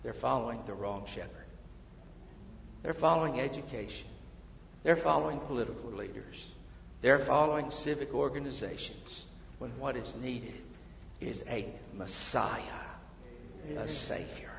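A man preaching a sermon as pastor, swinging between hushed, drawn-out asides and emphatic, rising swells. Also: medium pitch, creaky, slight background noise. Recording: echoey hall, slightly dull sound.

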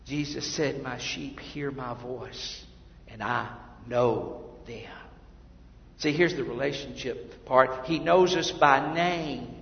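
A man preaching a sermon as pastor, swinging between hushed, drawn-out asides and emphatic, rising swells. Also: mid-range voice, gravelly. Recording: echoey hall, slightly dull sound.

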